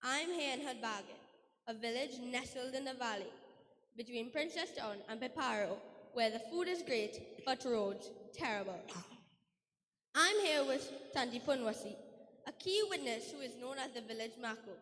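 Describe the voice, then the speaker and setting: A woman's voice: on the high side, animated, moderate pace, a bit bright. A woman playing an earnest male TV field reporter in a stage comedy skit. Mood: announcing. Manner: formal newscaster delivery, growing exasperated. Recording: reverberant hall stage.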